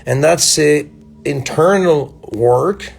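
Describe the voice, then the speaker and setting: A man with a Belgian French accent gives a reflective motivational talk to his fans. His voice is gravelly and his delivery unhurried, musing and full of halting restarts. Soft music plays faintly beneath him. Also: fairly high pitch. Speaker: speaker addressing fans.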